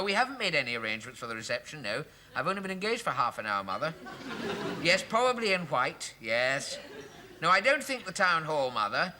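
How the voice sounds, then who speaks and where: An actor playing a fussy, flustered bachelor in a sitcom. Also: male voice, a little high, pushed and bright, full character voice. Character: fussy put-upon young English bachelor. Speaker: office clerk. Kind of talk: sitcom acting.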